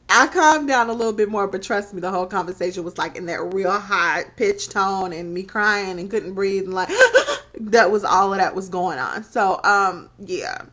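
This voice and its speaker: A woman in her thirties frankly telling a personal story on her vlog, animated and laughing between phrases. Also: medium pitch, unhurried. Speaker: vlogger. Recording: dull lo-fi recording.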